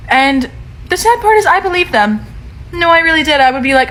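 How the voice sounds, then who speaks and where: A woman's voice: sits high, very animated, brisk, a bit bright, poor audio. A woman telling a comedic story about herself in a wry, self-mocking way, acting out her own quoted remarks.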